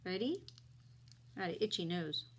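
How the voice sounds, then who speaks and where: A woman teaching young children phonics, slowly sounding out letters and vowel sounds with patient encouragement. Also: fairly low pitch, big pitch swings.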